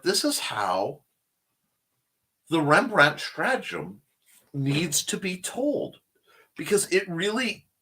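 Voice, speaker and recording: With a voice on the high side and a bit bright, a man hosts a laid-back livestream talk show on creative subjects. He rambles along eagerly while replying to what viewers write.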